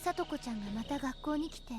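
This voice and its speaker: A voice actress playing an eerily calm teenage girl in a game, speaking softly and sometimes dropping to a whisper. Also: high voice, very fast, faint music behind. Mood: eerie calm. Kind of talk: Japanese game voice acting.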